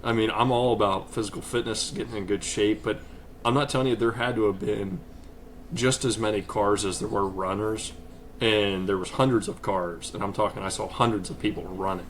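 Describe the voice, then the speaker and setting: A man's voice: lowish voice, fairly even intonation, brisk, slight background noise. A man hosting a casual podcast, easygoing and chatty, laughing along and telling long rambling stories. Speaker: podcast host.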